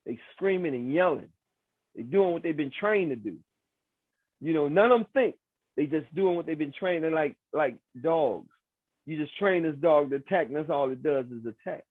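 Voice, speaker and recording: Guy telling his story, kinda high voice, lots of uhs, tinny dry sound. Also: normal speed, no room sound. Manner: animated, acts out quoted voices, many fillers. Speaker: exoneree interviewee. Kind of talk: interview storytelling.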